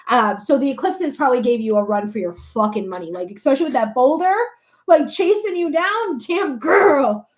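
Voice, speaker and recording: High-voiced chatty woman reading tarot. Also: normal speed. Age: 30s. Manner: chatty and animated, laughs often, swears casually. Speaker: tarot reader. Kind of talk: live tarot reading to viewers.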